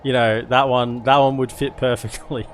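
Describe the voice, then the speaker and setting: A man's voice: medium pitch, little pitch movement, moderate pace, slight background noise. A man live-streaming a strategy game, rambling and chatting with viewers, who breaks into sudden exclamations. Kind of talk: live gameplay commentary.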